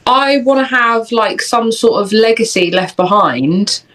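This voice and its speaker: A woman's voice: a little high, measured pace, fairly bright tone, low-quality recording. A young woman co-hosting a podcast, chatting casually in jokey, run-on bursts. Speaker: podcast co-host. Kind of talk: casual chat.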